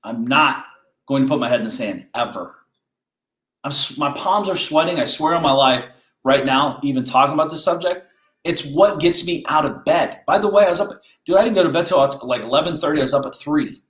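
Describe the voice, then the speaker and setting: A man's voice: a little high, animated, brisk, fairly bright tone, reverberant. A man hosting a podcast, giving a blunt, fired-up motivational monologue full of rhetorical questions. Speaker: podcast host.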